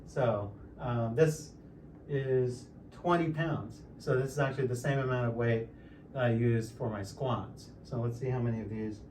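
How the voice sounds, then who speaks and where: A man in his sixties talks casually through his home workout, explaining each step in a relaxed, unhurried way with plenty of small fillers. His voice sits at an ordinary middle pitch. He stands a little away from the microphone, and a faint hum of room noise sits underneath. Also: distant mic. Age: 60s. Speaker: fitness vlogger. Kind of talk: casual talk while exercising.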